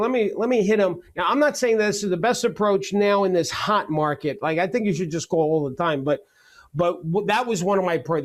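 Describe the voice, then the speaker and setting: A middle-aged male real estate coach teaches on a webinar call in a high voice. He is energetic and full of jokes, firing off his lines rapidly.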